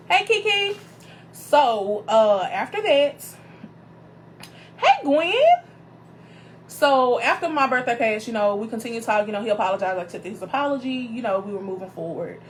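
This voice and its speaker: A woman minister hosting her show, telling a personal story in a casual, animated way, calling her viewers y'all and greeting them by name as they join. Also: on the high side, a little slow, long pauses, slight background noise.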